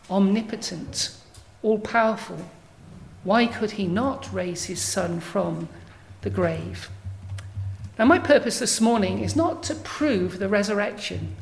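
A woman preaching a sermon in a measured, emphatic way, building to strong declarations. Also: medium pitch, vocal fry.

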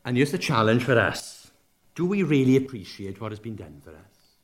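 A man preaching a sermon, expressive, swinging from loud emphatic exclamations to soft, drawn-out near-whispers and acting out the characters' lines. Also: mid-range voice. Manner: acts out the characters' quoted lines in the parable.

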